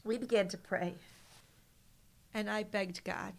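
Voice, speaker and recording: A woman's voice: medium pitch, steady tone, slow, creaky, pauses often. A middle-aged woman, a podcast guest, earnestly retelling a personal story with emotion and quoted prayers.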